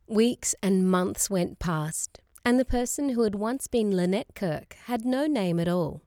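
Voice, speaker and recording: An audiobook reader, a woman, reads a novel aloud in scripted narration, measured and expressive like a storyteller. Her voice sits in the mid-range, and the recording is dry and clean, with studio sound.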